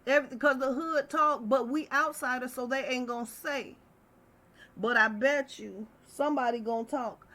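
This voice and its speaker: A woman's voice: high-pitched, normal speed, bright, forceful tone. A middle-aged woman hosting a casual chat stream, talking in a passionate, heated way. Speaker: livestream host.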